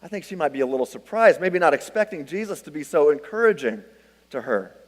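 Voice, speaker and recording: Middle-aged male preacher, lively self-deprecating storyteller, somewhat high-pitched, recorded in a reverberant hall. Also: quick pace. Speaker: pastor. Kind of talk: sermon.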